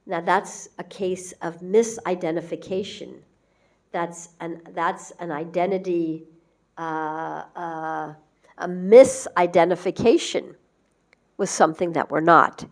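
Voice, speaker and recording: Woman spiritual speaker, lower register, gentle and conversational devotional talk. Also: measured pace. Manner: gentle, conversational, acts out quoted lines. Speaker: spiritual teacher.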